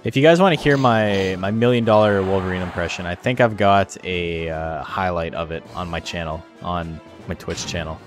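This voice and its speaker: This low-pitched man speaks at a moderate pace with few pauses while faint music plays behind him. He's a tournament commentator doing a loose, humorous live stream of a game, rambling, saying "like" constantly, and swearing freely.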